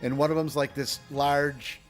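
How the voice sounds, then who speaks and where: Male game master, rambling and full of fillers, a bit high-pitched, light music underneath. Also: steady tone, a little slow. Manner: rambling, laughing storyteller with many fillers. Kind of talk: casual chat and game narration.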